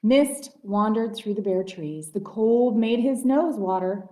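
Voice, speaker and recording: A woman librarian reading a picture book aloud to children at story time. Her delivery is gentle and expressive, at a medium pitch. The recording has the echo of a roomy library space. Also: slow. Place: public library room. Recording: roomy echoey room.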